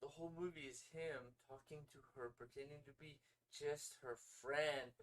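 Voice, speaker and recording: A podcast co-host in casual chat, lively and laughing, with plenty of swearing. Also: medium pitch, normal speed.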